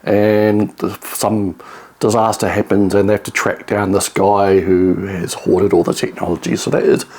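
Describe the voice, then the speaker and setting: A man's voice: on the low side, level tone, a little slow, darkish tone. Rambling New man talking books. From New Zealand. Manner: rambling, many ums and restarts. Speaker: book reviewer. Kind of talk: casual book haul talk.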